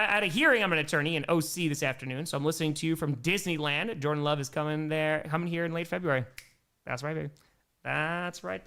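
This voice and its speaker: A young man hosting a live stream, reading viewer messages aloud, thanking them, and calling the plays. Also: fairly high pitch. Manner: bursts into excited play calls. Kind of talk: live play-by-play and chat reading.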